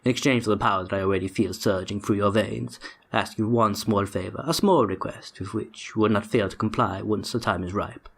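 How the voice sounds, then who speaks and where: A man voicing a sinister old male occultist who tempts the listener with dark power, speaking slowly in a breathy, menacing half-whisper. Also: fairly low pitch, steady tone.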